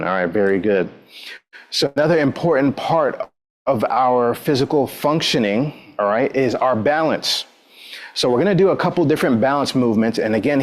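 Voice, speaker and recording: A man leading a guided exercise class, giving upbeat, encouraging cues and counting down between moves, often saying "all right". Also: mid-range voice. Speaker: exercise instructor.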